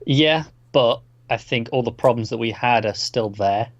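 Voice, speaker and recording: A man's voice: mid-range voice, moderate pace, no room sound. Man on a dull, muffled mic. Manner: brief agreeing interjections. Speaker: podcast co-host. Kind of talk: casual review chat.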